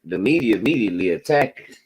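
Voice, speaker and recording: A man's voice: fairly low pitch, expressive, fast talker, darkish tone, poor audio. A man in casual podcast chat, talking in a blunt, slangy, easygoing way.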